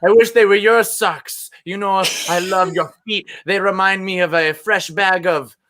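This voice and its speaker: A man's voice: high-pitched, fairly even intonation, unhurried, fairly bright tone. A man voicing a lovesick would-be European romancer in a put-on vague European accent, delivering a hammy improvised love letter. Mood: swooning. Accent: put-on non-specific European accent. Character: lovesick male European-ish romancer writing a sexy letter.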